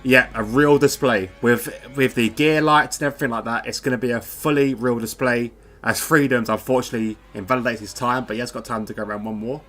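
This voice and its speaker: A man's voice: mid-range voice, fairly even intonation, brisk, few pauses, a bit bright. Chatty man commentating a sim race. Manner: chatty, rambling with many fillers and restarts. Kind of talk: casual live race commentary. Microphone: wireless headset.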